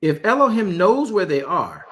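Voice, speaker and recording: A male preacher giving a sermon, reading scripture slowly and deliberately with casual slang asides. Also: high voice, wildly swooping pitch, a bit bright.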